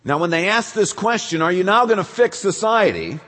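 A male pastor preaching a sermon, animated, acting out questions in quick bursts. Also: sits high. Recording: reverberant church hall.

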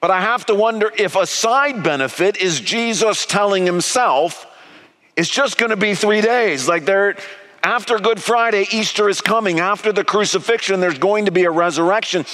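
A man's voice: sits high, fairly bright tone. A man giving a sermon in a conversational, storytelling way, earnest and direct. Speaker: preacher. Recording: long reverb of a hall.

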